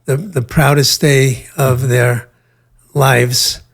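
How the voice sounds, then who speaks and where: An older man from the United States, a guest in an interview, telling his life story in a measured way with frequent pauses and fillers. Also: mid-range voice, fairly even intonation.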